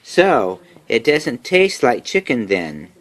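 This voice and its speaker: A man's voice: medium pitch, sing-song, slow, voice pushed up. A man voicing a curious, cheeky little duckling in a storybook read-aloud, asking innocent chirpy questions.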